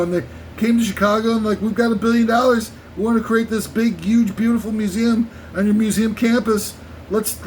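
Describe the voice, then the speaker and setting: A man's voice: sits high, slight background noise. A man hosting a comedy countdown, rambling irreverently and swearing in a casual comic rant. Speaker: comedy list show host.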